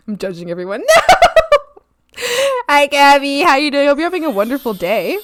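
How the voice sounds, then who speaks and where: High, bouncy, giggly woman streamer. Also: unhurried. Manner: excitable and giggly, often squealing and pleading with chat; talks to chat and greets viewers by name. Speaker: art streamer. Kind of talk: casual chat while drawing on stream.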